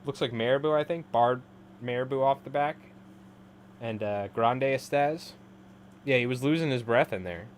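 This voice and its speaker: A man in his thirties chats loosely to his stream audience as he ties flies, rambling from one thought to the next and breaking into laughter often. His voice sits at an ordinary middle pitch. A faint hum runs underneath. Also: normal speed. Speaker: live-streaming fly tyer. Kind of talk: casual live-stream chat.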